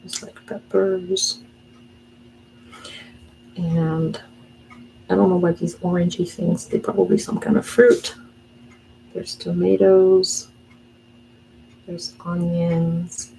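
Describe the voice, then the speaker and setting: A woman in her thirties with a low, gravelly voice talks herself through a sketch and chats as she works. Her tone is mellow and unhurried, with a faint hiss of background noise on the recording. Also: poor audio. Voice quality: relaxed, musing aloud. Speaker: art vlogger. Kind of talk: casual chat while drawing and painting.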